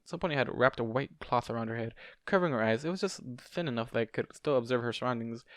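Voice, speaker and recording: A man's voice: medium pitch, clean tone, no room sound. A man narrating fanfiction aloud in an amateur audiobook read, stumbling and correcting himself now and then and dropping casual asides. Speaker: fanfiction reader.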